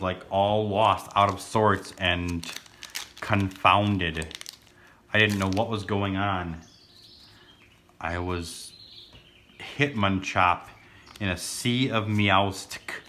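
Brief: goofy rambling man opening card packs, bright tone, unhurried, faint noise behind. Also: deep voice, steady tone. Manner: goofy, rambling, bursts into silly sing-song. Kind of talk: casual pack-opening commentary.

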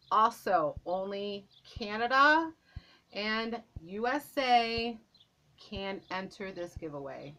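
A woman's voice: mid-range voice, expressive, slow, bright, forceful tone, low-quality recording. A woman vlogger chatting to camera at home, gushing and repeating herself, a little out of breath. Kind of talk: casual chat to camera. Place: at home, indoors.

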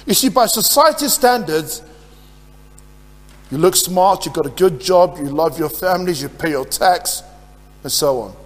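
A man's voice: fairly high pitch, lively intonation, unhurried, pauses often. A man preaching as pastor, earnest and putting questions to his congregation. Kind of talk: sermon. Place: church. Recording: reverberant church hall.

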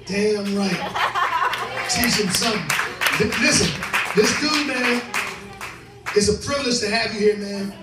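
A man's voice: sits high, lively intonation, unhurried, pauses often. A man doing profane, brash stand-up crowd work at a live club, laughing often and a bit drunk. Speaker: comedian hosting a show. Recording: echoey room, distant mic, crowd noise.

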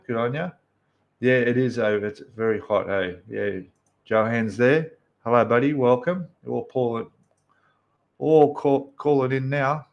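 A man with an Australian accent hosting a casual live stream, chatting and greeting viewers one by one. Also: fairly low pitch.

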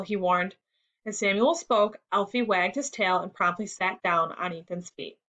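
A woman teacher reading a third-grade lesson and story aloud in a clear, measured way. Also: mid-range voice, fairly bright tone, highs cut off.

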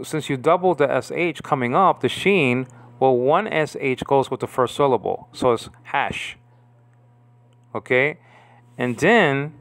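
Halting man teaching Hebrew letters. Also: medium pitch. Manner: halting, repeats words, checks in with "okay?". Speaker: Bible language teacher. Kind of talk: informal Hebrew lesson.

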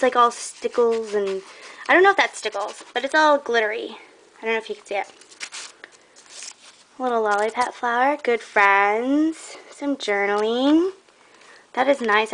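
A woman's voice: a little high, moderate pace, a bit bright, slight background noise. A young woman showing off a craft trade in a casual vlog, gushing and admiring, a bit out of breath.

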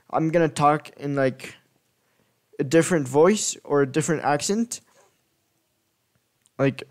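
Man rambling through gameplay commentary. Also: a little high. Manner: rambling, self-correcting, thinking aloud. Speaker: gaming video creator.

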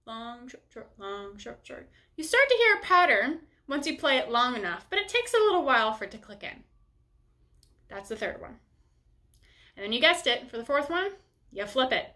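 Young female teacher, bright slightly high voice, cheerful step-by-step instruction. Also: sing-song, fairly quick, pauses often. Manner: upbeat, encouraging, explains step by step. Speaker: bassoon teacher. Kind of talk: instructional music lesson.

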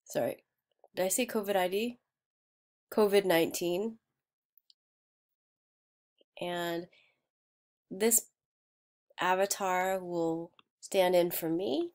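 A woman narrating her own casual vlog, rambling and laughing at herself, sometimes dropping to a soft near-whisper. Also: lowish voice, slow, long pauses. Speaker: video creator.

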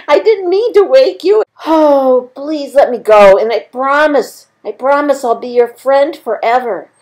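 A tiny mother mouse squeaks in a high, small voice, as a woman reads her lines to children. She is polite and timid yet brave. The squeak stays well above the reader's own voice. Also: expressive, a little slow, darkish tone. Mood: pleading.

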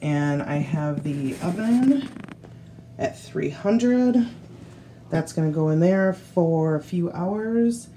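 A woman's voice: low voice, expressive, takes it slowly, warm tone. Chatty woman vlogger over road noise. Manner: chatty and rambling, with fillers and asides. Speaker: cooking vlogger. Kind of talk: casual vlog chat. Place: car, then home kitchen.

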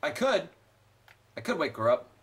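A man's voice: on the high side, sing-song, moderate pace, slightly rough. A young man commenting on his gameplay, swearing constantly and ranting sarcastically. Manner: profane, sarcastic, rambling. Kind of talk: let's play commentary.

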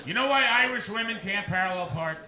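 A man performing a stand-up comedy set on a dive bar stage, doing quick crowd work and asides to the audience. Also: high voice. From New Jersey. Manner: animated crowd work, rapid asides to hecklers. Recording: echoey bar with loud rowdy crowd.

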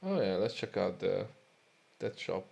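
Low, gravelly male let's-player, muttered casual commentary, lively pitch. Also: measured pace. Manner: muttering, swearing, self-amused. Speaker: let's play host.

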